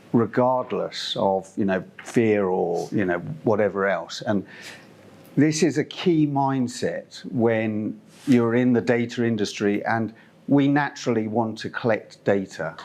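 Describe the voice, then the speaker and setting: A man's voice: on the low side, a little mellow. Rambling middle-aged man giving a talk. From Zimbabwe. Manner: chatty and meandering, with many fillers and restarts. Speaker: company presenter. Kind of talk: conference presentation.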